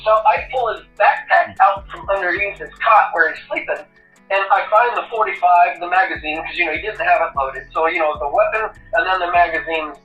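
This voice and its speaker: A man in his fifties, a retired Navy corpsman and podcast guest, telling an animated, profane story and laughing at himself. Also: sits high, a little fast, echoey room, distant mic, muffled recording, soft background music. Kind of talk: casual interview storytelling.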